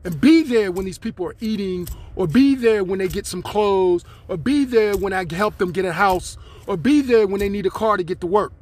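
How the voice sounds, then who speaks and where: A man's voice: high voice, normal speed, few pauses, a little mellow. A man hosting his own podcast, speaking, in a rambling, aggrieved monologue aimed straight at his listeners. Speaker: podcast host.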